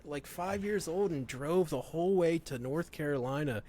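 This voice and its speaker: A man's voice: on the high side, big pitch swings, moderate pace, a little mellow. A man in casual conversation, telling stories with frequent laughter and swearing. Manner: laughs often, profane storytelling. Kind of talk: casual chat.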